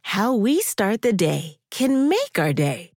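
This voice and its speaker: A woman hosting a children's podcast, gently and encouragingly leading breathing exercises and affirmations. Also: medium pitch, wildly swooping pitch, takes it slowly, no room sound, clean studio sound. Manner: gentle, encouraging, sing-song. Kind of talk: guided breathing and affirmations for kids.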